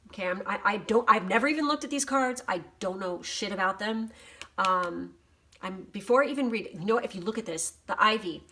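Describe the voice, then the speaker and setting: A woman's voice: medium pitch, pushed and bright, slight background noise. A woman doing a casual tarot reading on her channel, reading aloud from a guidebook and reacting freely with swearing and emotion. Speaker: tarot reader. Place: home office.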